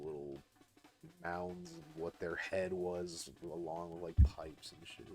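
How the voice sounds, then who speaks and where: A young man casually retelling a story on his live art stream, rambling with lots of fillers and swearing. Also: low voice. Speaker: livestreaming artist.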